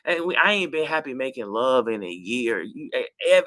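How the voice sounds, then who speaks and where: A man's voice: medium pitch, lively intonation, a little fast, few pauses, a bit bright. A man, giving a playful, emphatic talk to an audience about relationships, acting out mock arguments in slang. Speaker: relationship therapist speaking to an audience. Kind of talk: animated talk with acted-out examples.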